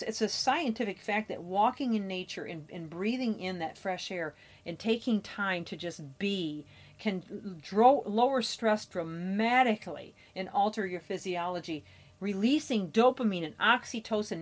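A middle-aged woman hosting a motivational podcast, speaking earnestly and telling stories, with frequent fillers and restarts. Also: mid-range voice. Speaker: podcast host.

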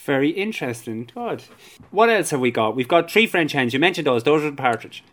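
An Irish man presenting a radio chat, relaxed and curious, prompting his guest with questions. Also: a little high, brisk.

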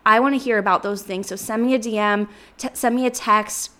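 A woman's voice: fairly high pitch, fairly even intonation, a little fast, sharp tone. A woman in her twenties hosting her own podcast, talking earnestly in a rambling way and sounding close to tears. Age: 20s. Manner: earnest, rambling, uses "like" and "literally" often. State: emotional, near tears. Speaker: podcast host. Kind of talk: solo podcast monologue.

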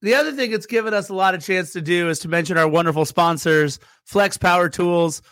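A man's voice: high-pitched, a little fast, fairly bright tone, no room sound. A man co-hosting a casual soccer podcast, teasing his co-host and reading sponsor plugs. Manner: playful ribbing, reads sponsor plugs. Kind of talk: casual chat.

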